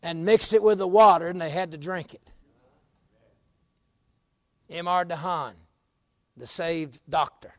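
A man preaching a fiery, folksy sermon, dropping to low murmurs and climbing to shouts. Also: steady tone, measured pace, pauses often, no echo, clean studio sound.

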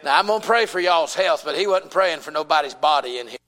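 A man's voice: fairly high pitch, expressive, quick pace, bright, forceful tone, long reverb tail. A man with a Southern US accent preaching a sermon, folksy and emphatic, calling out to his congregation.

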